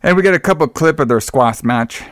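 A man's voice: a little high, animated, a little fast, no echo, clean studio sound. A man hosting a podcast, retelling a show in a rambling, laughing, swearing chat. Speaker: podcast host.

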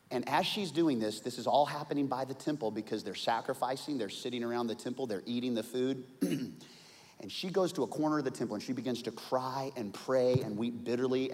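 A man preaching a sermon in an animated way, acting out the voices of the people in his story. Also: medium pitch, brisk, in a large hall. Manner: animated, acts out quoted voices. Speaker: pastor.

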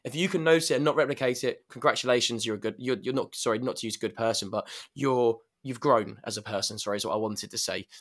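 A man's voice: mid-range voice, fast, few pauses, a bit bright. Candid rambling man. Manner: rambling, candid and self-correcting. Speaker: podcast guest. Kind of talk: casual chat.

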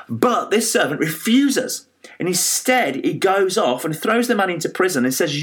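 A man preaching a sermon, retelling a parable with lively storytelling, frequent fillers and restarts. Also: sits high, normal speed. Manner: animated storytelling with many fillers and restarts, acting out quoted voices.

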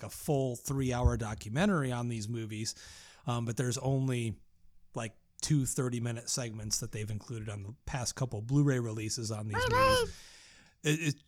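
Excitable swearing man chatting. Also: mid-range voice. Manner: excitable, swears a lot, restarts sentences. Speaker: podcast host. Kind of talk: casual chat.

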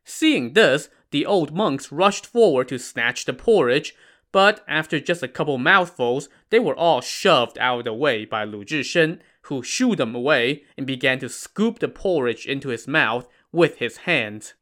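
Male storyteller, mid-range voice, even and measured, wry asides. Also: medium pitch. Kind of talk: narrating a classic novel retelling.

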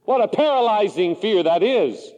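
A man from the Pacific Northwest preaching a sermon, with a high, lively voice that swings dramatically, recorded in a church sanctuary with long reverb. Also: normal speed, muffled recording.

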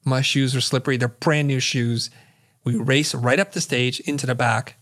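A middle-aged man, a guest in an interview, telling a story in an animated way and acting out the lines of the people in it. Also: mid-range voice, normal speed. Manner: vivid storyteller who acts out quoted dialogue.

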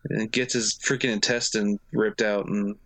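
A man's voice: on the low side, level tone, moderate pace, fairly bright tone. A man co-hosting a casual podcast, rambling with restarts and laughing as he acts out film characters. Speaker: podcast co-host. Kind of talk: casual horror movie chat.

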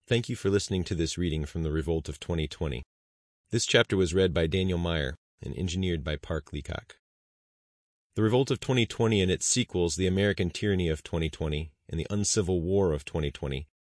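Brief: very low male narrator, dry close studio read, measured pace. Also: no echo. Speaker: audiobook narrator. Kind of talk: scripted narration.

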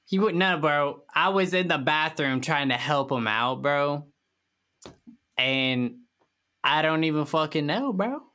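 A man's voice: a little high, expressive, measured pace, sharp tone, clear, resonant tone. A man in casual chat, laid-back and profane, saying "bro" often.

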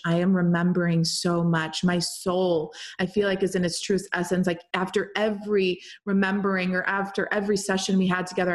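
A woman telling her own story in a casual, animated way, talking with lots of "like" and some swearing. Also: medium pitch. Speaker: spiritual coach.

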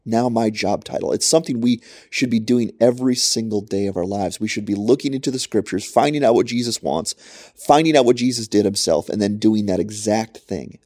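A man's voice: on the low side, fairly quick, darkish tone, no room sound. A man preaching a short podcast sermon into a close mic, emphatic and repeating his points for stress. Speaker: pastor.

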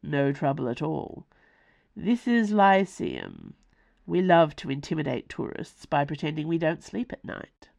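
A woman voicing a courteous, wry lion-man gentleman with a deep, rich voice in a storybook reading. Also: sing-song, a little slow, vocal fry, dry recording, studio quality, exaggerated voice.

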